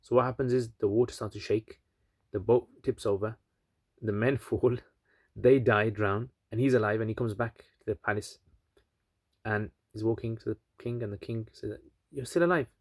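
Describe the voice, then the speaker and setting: A man's voice: on the low side, little pitch movement, normal speed, no room sound, clean studio sound. A man casually retelling a religious story, chatty with many asides and fillers.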